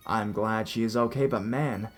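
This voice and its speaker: A man narrating a scripted horror story in a measured storytelling delivery. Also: fairly low pitch, steady tone.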